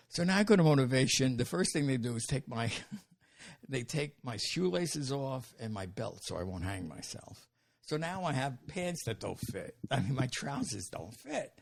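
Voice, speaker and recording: At a moderate pace and medium pitch, this older comedian's voice sounds creaky. Hailing from New York, he tells profane stories in a casual interview, acting out each person and their quotes with animated energy and free swearing.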